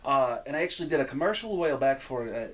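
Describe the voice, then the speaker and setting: A man's voice: mid-range voice, expressive, racing, fairly bright tone. A young man, a wrestler and guest, telling stories in casual chat, laughing often and swearing freely. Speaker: guest, local wrestler and former tour actor.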